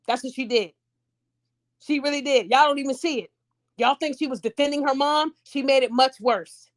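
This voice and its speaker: A woman hosting a podcast, chatting casually and animatedly to her audience. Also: sits high. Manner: animated, talks to audience, acts out voices. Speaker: podcast host. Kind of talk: casual commentary.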